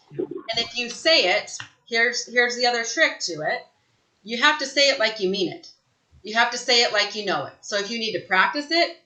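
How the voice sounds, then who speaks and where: A woman giving an energetic sales training talk, emphatic and fond of asking "right?" after her points. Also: fairly high pitch, echoey room, rough recording. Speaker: real estate sales trainer. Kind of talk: live online training talk.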